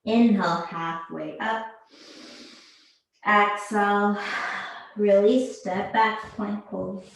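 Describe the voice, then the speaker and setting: A woman leads a yoga class, cueing each pose and breath in a slow, unhurried way. Her voice rings out in a strongly echoing room. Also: medium pitch. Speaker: yoga instructor. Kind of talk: guided yoga class instruction. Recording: very echoey room.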